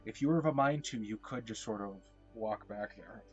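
A man narrating as storyteller of a tabletop game, self-deprecating and hesitant, often pausing on fillers. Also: on the low side, highs cut off, faint music behind.

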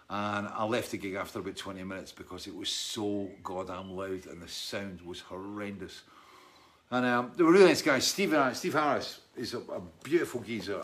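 A man's voice: on the low side, fairly bright tone. A man in his sixties, a musician, casually answering viewer questions from his studio in a rambling, anecdotal way full of restarts and asides.

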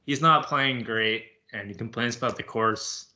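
A man's voice: mid-range voice, normal speed, bright, forceful tone. A young man hosting a sports podcast, chatting casually and rambling with lots of fillers. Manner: loose and rambling, many fillers. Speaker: podcast host. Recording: dull lo-fi podcast audio.

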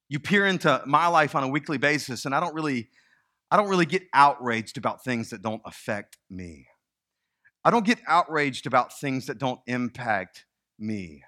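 A man's voice: a little high, bright, forceful tone. A male pastor preaching a sermon in a conversational, emphatic way.

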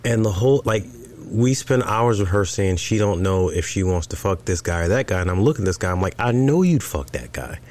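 A man's voice: low voice, brisk. A man co-hosting a podcast, telling a story in casual chat and acting out what was said. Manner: animated storyteller, acts out quoted dialogue. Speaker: podcast co-host.

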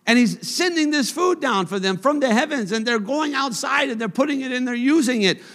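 A man's voice: very high voice, expressive, a little fast, fairly bright tone. A man preaching a sermon in a church sanctuary, conversational and joking at times, then building to emphatic points. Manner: conversational and humorous, rising to emphatic. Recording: long church hall reverb.

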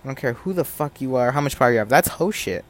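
A young man hosting his own podcast, ranting in a profane, animated way. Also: medium pitch, fast. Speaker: podcast host. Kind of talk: solo podcast rant.

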